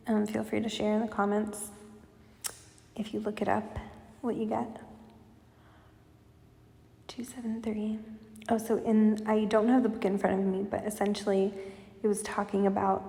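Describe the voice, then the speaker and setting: A woman giving a casual intuitive spiritual reading, talking in a soft, meandering way with many fillers. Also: medium pitch, creaky. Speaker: spiritual channel reader. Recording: echoey room with long reverb.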